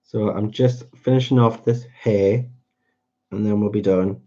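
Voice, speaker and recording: A man's voice: on the low side, steady tone, a little slow, dark tone. A man, hosting a casual livestream and chatting to viewers by name while he colours. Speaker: livestream host. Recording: dull lo-fi stream audio.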